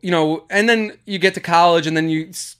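A young man hosting a podcast, reading listener emails aloud and giving advice in an animated, joking way with frequent laughter. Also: fairly high pitch, fairly quick, clear, resonant tone. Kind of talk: casual comedic podcast chat.

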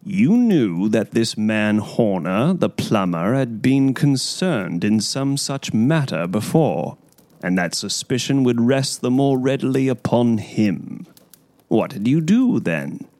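A man reading an audiobook, voicing a stern, measured detective who lectures a suspect calmly. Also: mid-range voice, dry recording. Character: stern, cool-headed male detective. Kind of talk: audiobook character voice.

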